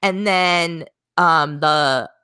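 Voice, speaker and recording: A woman co-hosting a podcast, calmly retelling scenes from a drama series in a casual way. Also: sits low, drawn-out words, clear, resonant tone, no room sound, studio quality. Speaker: podcast co-host.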